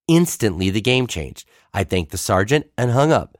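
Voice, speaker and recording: A man's voice: on the low side, very animated, moderate pace, dry recording, studio quality. A man, a pastor, reading a wry personal story aloud.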